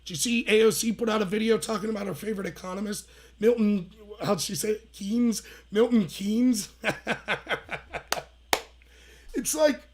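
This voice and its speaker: A man's voice: high-pitched, fast talker, a little hiss or hum. Heated, sarcastic man hosting commentary. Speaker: political commentary host. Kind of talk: opinionated livestream commentary.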